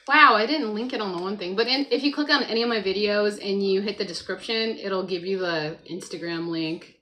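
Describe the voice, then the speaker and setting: A woman's voice: mid-range voice, background noise. A woman hosting a casual morning livestream at home, chatting to viewers, reading the chat aloud and talking to her child beside her. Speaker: livestream host. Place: at home by a computer.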